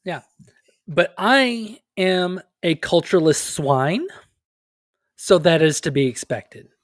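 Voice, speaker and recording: Male podcast co-host, jokey and goofy, slightly high voice, dry sound. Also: animated, slow, dry recording. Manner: joking, laughs often, goofy asides. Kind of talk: casual chat.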